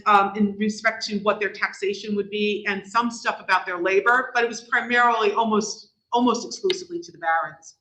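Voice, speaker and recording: A middle-aged woman with a New York accent gives an informal lecture in a bright, clear voice. She explains carefully, circling back and restarting her phrases. The sound is roomy and echoey. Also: fairly high pitch. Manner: explanatory, with frequent restarts and fillers. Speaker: guest lecturer.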